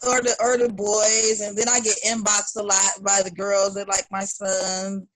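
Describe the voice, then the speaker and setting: A middle-aged singer from Chicago, United States, chats casually as an interview guest, animatedly acting out her family members' lines. Her medium-pitched voice is unhurried, with no echo.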